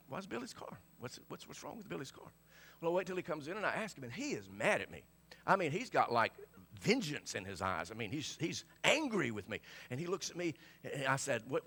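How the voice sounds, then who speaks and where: A pastor preaching to his congregation, his voice higher than most men's and bright and forward. He tells the story in an animated way, swinging widely in pitch as he acts out both sides of a conversation. He often stumbles, repeating and restarting his words. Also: creaky. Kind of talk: sermon storytelling.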